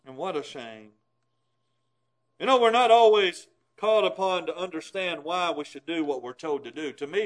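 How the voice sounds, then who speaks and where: A man preaches a sermon in a high voice. He talks in a folksy way and chuckles at his own points. He swings between loud, emphatic bursts and low, quiet asides. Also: rough recording.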